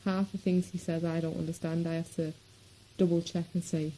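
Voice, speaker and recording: A woman's voice: on the low side, flat delivery, a little fast, mellow, slight background noise, poor audio. A woman from Manchester with a Manchester accent, chatting casually in a rambling vlog with lots of ums. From Manchester, England. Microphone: webcam.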